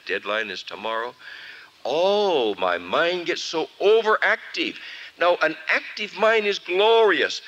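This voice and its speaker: A man's voice: a little high, rough recording. A man preaching a sermon at a camp meeting, telling a story and acting out its scenes. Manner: animated storytelling, acts out scenes. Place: camp meeting before a live audience. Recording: archival 1979 camp meeting recording.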